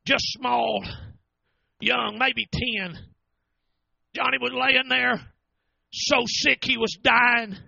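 A man's voice: very high voice, flat delivery, extremely slow, gravelly, long pauses, pushed and bright, breathy edge, no echo, lo-fi sound. A man preaching a storytelling sermon, fervent and drawn out.

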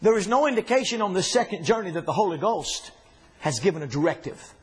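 A man teaching a Bible study in an animated, folksy way, often repeating himself. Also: sits high, fast talker, breathy edge.

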